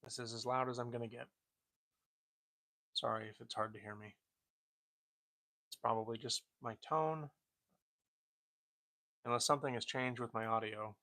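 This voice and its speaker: Quiet gravelly guy reading chat on stream, kinda dusty cowboy sound, bright edge to it. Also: mid-range voice, fairly even intonation, moderate pace, long pauses. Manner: soft-spoken, reads and answers chat comments.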